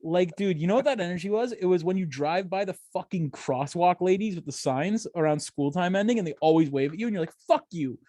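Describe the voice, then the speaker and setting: A young man co-hosting a podcast in casual chat, telling profane, animated stories with big jumps in pitch. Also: fast talker, few pauses, no room sound. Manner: profane, animated storytelling with sharp swings up and down in pitch. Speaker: podcast co-host.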